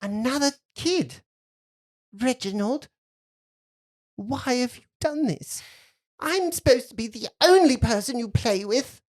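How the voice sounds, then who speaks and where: A woman's voice: on the high side, lively intonation, slow, pauses often, a little mellow, pitched above the performer's own voice. Woman playing a spoiled bossy little girl wizard. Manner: imperious, whiny, sing-song.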